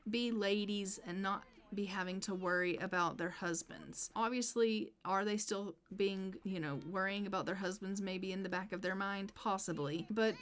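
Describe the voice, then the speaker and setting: A woman's voice: medium pitch, fairly even intonation, normal speed, hardly any pauses. Chatty woman narrating a life-sim game. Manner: chatty, talks to her game characters. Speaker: gameplay narrator. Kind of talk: casual let's-play commentary.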